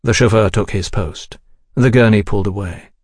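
A man reading a novel aloud in measured, even narration. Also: fairly low pitch, no echo, clean studio sound. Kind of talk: scripted audiobook narration.

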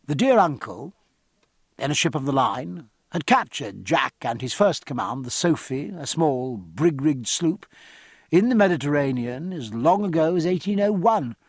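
A man narrating a historical sea novel in a measured, expressive audiobook reading. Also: fairly high pitch, breathy edge, dry recording, studio quality.

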